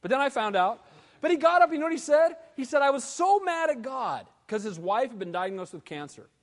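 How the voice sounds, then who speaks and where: A high-voiced male pastor preaching with big swings from loud to hushed. His voice rings out with a long reverb, as in a church sanctuary. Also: big pitch swings, brisk. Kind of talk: sermon.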